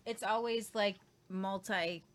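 A woman's voice: mid-range voice, steady tone, normal speed. A woman co-hosting a casual chat, rambling about chocolates with many fillers. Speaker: co-host.

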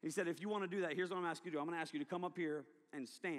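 A man preaching a testimony sermon, telling his story with animated delivery. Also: fairly high pitch, racing, few pauses. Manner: animated storytelling, acting out past self. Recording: long hall reverb.

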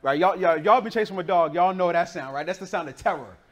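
High-voiced animated preacher. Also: male voice, fast. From northern United States. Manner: conversational, streetwise slang, animated storytelling. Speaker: pastor. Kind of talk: sermon with storytelling.

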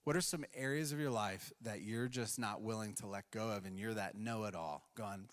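A man's voice: on the low side, normal speed. A male pastor preaching a sermon in a conversational storytelling way, acting out quoted voices along the way. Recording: long hall reverb.

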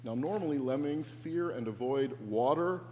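Recorded in a church sanctuary that echoes and carries a faint hum, a man preaches as pastor at normal speed. His mid-range voice has a darkish tone, and his delivery is earnest and reflective with shifting emphasis.

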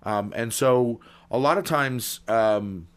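A man's voice: mid-range voice, slow, clear, resonant tone. A man co-hosting a casual podcast, rambling with many fillers and setting up pun jokes. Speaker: podcast co-host. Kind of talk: casual chat.

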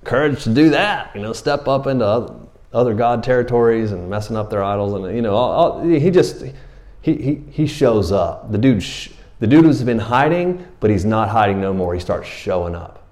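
A middle-aged man preaching a sermon, telling a story in a casual, animated way with slang and laughs. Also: fairly low pitch, normal speed. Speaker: pastor.

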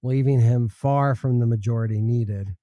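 A man co-hosting a chat show, reading news stories in a hesitant, low-key way. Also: moderate pace, dark tone, no echo, muffled recording.

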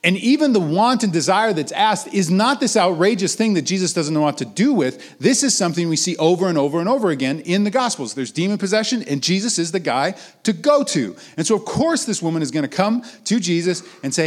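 A man's voice: big pitch swings, brisk. Man preaching a conversational sermon. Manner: conversational preaching, swinging between raised emphatic lines and low trailing ones. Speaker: pastor.

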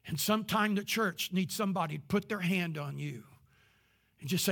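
An older man preaching a sermon as pastor to a live congregation, his passion swelling into shouts. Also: high voice, normal speed, creaky. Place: church service before a live congregation.

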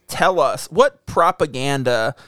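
A man in casual banter, deadpan, who muses slowly and swears freely. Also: mid-range voice, dry recording, studio quality.

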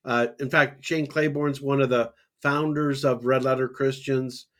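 A man co-hosting a religious discussion podcast, talking in a halting way with many fillers and restarts. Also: medium pitch, level tone, a bit bright. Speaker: podcast co-host.

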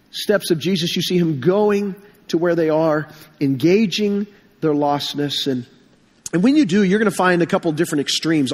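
A man preaching a sermon as pastor, earnest and storytelling, recovering from being sick. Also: high-pitched. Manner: earnest preaching with stories and repeated phrases. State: recovering from illness this week. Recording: long hall reverb.

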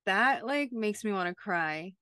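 A woman's voice: mid-range voice, lively intonation, a little slow, sharp tone, clean tone, dry recording, clean studio sound. A woman co-hosting a podcast, recapping a TV episode in a chatty, casual way with lots of "like". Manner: chatty, peppers speech with "like". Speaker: podcast co-host.

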